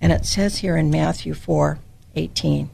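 A woman's voice: sits low, steady tone, a little slow, vocal fry, dark tone. An older woman from Hawaii giving a personal, emotional devotional Bible teaching as a podcast host.

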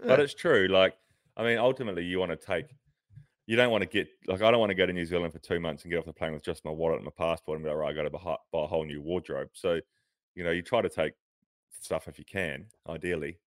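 A man's voice: low voice, quick pace, no room sound, studio quality. A man co-hosting a podcast in casual chat, rambling and laughing often, talking from a near-empty house while sitting on a bed. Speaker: podcast co-host, pro cyclist.

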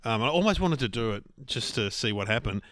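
An Australian man in casual chat as co-host, animated and given to humming beats and singing snippets. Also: mid-range voice, brisk, no echo.

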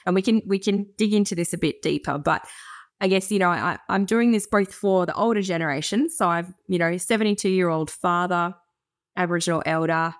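A woman's voice: lowish voice, no echo, studio quality. Chatty Australian woman guest. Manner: chatty, with frequent fillers and quick laughs. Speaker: guest campaigner. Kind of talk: casual interview chat.

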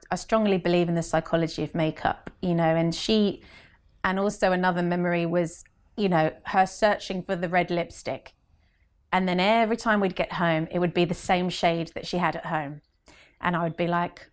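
Woman, lowish voice, chatty storyteller, interview guest. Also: fairly even intonation, normal speed. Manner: chatty storytelling, acts out quotes. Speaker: guest, brand consultant. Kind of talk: conversational interview.

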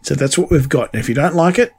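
A man's voice: fairly high pitch, fast, darkish tone, breathy edge. Sardonic New man co-hosting a music podcast, profane and teasing. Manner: sweary, sardonic banter. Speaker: podcast co-host. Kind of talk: casual chat.

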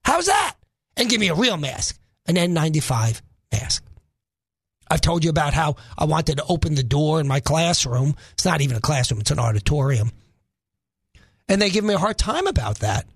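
A man's voice: on the high side, lively intonation, moderate pace, breathy edge, no echo. A middle-aged man from the Northeast US fills in as a talk radio host, voice swinging up and down as he fires off sarcastic rhetorical questions. The sound is dry and close, with no room around it. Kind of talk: opinionated talk radio monologue.

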